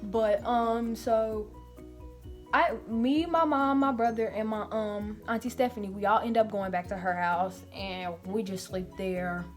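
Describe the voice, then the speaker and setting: A woman vlogger chats through a get-ready-with-me storytime in a casual, cursing, animated way. Her voice sits at an everyday middle pitch. Soft music plays faintly under her talk. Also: unhurried. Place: grandmother's apartment indoors.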